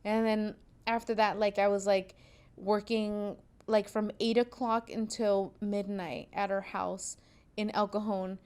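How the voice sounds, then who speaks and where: A woman's voice: mid-range voice, level tone, unhurried, darkish tone, clean tone. A young woman hosting a podcast from a sewing studio, telling a story in a casual, profane way and acting out what people said. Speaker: podcast host, seamstress.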